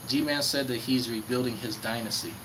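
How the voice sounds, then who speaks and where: Guy on a night livestream reading chat, swearing and taunting some rival, crickets loud in the background. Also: medium pitch, steady tone, moderate pace. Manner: mocking, profane, taunting. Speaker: livestream commentator. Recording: clear background noise with crickets.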